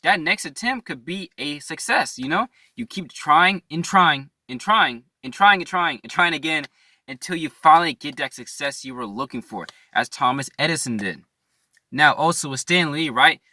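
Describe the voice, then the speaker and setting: A young man with a very bright, forward voice, pitched a little above the usual, gives a casual motivational talk straight to camera. He is earnest and slangy, calls his listeners "bro" and keeps checking in with "right?" as he repeats his points. The sound is close and dry. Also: lively intonation, normal speed, dry recording. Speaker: motivational YouTuber.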